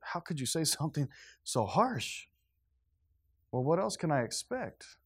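A male pastor preaching in a loose, conversational way. He swings between raised, punchy lines and quiet, earnest ones, often slipping into acted-out quotes. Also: fairly high pitch, a little slow, slightly rough. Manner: conversational, animated, acts out quotes. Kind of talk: sermon.

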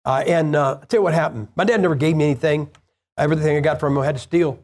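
A man's voice: on the high side, very fast, darkish tone. A man preaching a sermon, telling a personal story in a plain-spoken, conversational way and firing rhetorical questions at the congregation.

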